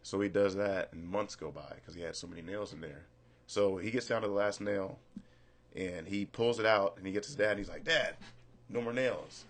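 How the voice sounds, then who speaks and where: A man's voice: sits low, steady tone, fairly quick. A man hosting a casual radio talk show, telling a story in a laid-back way.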